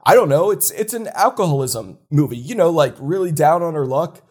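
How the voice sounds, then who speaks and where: A man co-hosting a casual chat, animated and opinionated, getting worked up for fun. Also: fairly high pitch, fairly quick, husky. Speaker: co-host.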